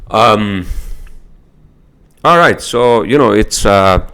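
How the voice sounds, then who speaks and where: A man hosting a podcast alone, delivering an angry, profane rant full of filler words and loud rising jabs of "all right?", at home by his desktop computer. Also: lowish voice, expressive, very slow, clean tone. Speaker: podcast host. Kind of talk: casual solo podcast rant.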